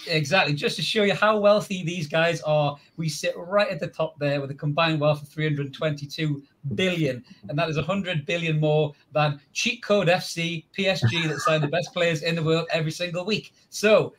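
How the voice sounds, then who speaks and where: A man's voice: a little high, normal speed, hardly any pauses, a bit bright. A middle-aged man hosting a football podcast over a video call, boisterous and jokey, calling everyone mate. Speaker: podcast host. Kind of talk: excited football podcast chat.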